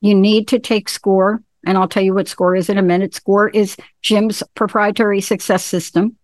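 A woman's voice: mid-range voice, flat delivery, normal speed, no room sound. A woman hosting a talk show in casual chat, enthusiastic, often repeating and restarting her phrases. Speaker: show host.

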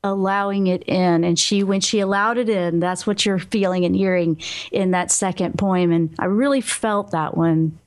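A woman's voice: fairly low pitch, fairly even intonation, normal speed. Lady radio host chatting w her guest, encouraging, easygoing. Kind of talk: casual radio interview.

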